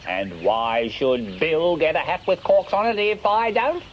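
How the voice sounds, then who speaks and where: Gus, a grumbling boastful snail. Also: male voice, on the high side, lively intonation, measured pace. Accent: Australian. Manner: grumbling, drawling, self-satisfied. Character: grumpy boastful male snail. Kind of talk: children's puppet show. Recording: muffled hissy old VHS tape.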